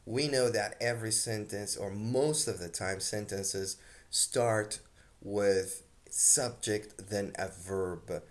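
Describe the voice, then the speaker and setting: A man teaching an English grammar lesson, explaining slowly and deliberately with frequent fillers, a native Arabic speaker. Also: lowish voice.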